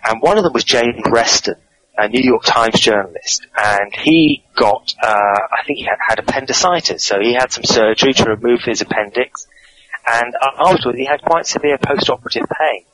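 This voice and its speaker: A man, a guest author, answering interview questions in a measured, explanatory way, often repeating words as he goes. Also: mid-range voice, fairly bright tone, low-quality recording.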